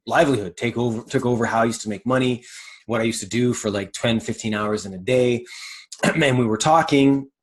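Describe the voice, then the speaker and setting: A middle-aged man hosting a motivational podcast, talking in a candid, rambling way with swearing and self-corrections. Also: on the low side. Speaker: podcast host. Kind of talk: motivational monologue.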